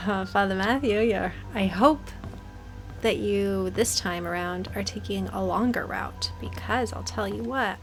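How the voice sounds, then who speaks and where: A young woman giving nervous commentary while playing a horror game, often dropping to a whisper. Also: mid-range voice. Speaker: let's play gamer.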